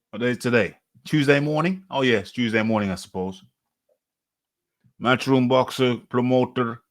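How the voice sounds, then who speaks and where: A man's voice: mid-range voice, a bit bright. A man hosting a boxing talk livestream, rambling and repeating his phrases over and over. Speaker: boxing talk show host. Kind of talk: casual livestream commentary.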